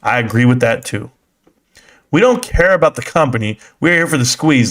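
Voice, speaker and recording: A young man hosting a casual stock-market livestream, talking back to his chat in a blunt, lively way. His pitch sits in the middle of the usual male range, and he laughs easily between points. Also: moderate pace. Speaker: livestream host reading and answering chat.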